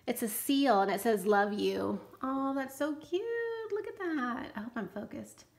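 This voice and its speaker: A woman's voice: a little high, animated, unhurried, vocal fry. A woman with a slightly raised voice talks through a casual unboxing vlog. She gushes over each handmade item and exclaims often. It sounds like friendly, chatty showing-and-telling. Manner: gushing and enthusiastic, frequent exclamations. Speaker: channel host.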